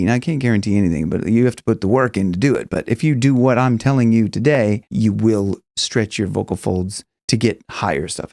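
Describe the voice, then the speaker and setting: A man's voice: a little mellow, no echo. Casual male vocal coach, dry close sound. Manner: casual, rambling explanations with sung high examples. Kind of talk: singing lesson with demonstrations.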